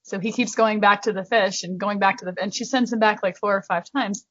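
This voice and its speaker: A woman's voice: medium pitch, steady tone, a little fast, fairly bright tone, no echo, dull audio. A woman in a casual book discussion, curious and questioning, telling stories loosely.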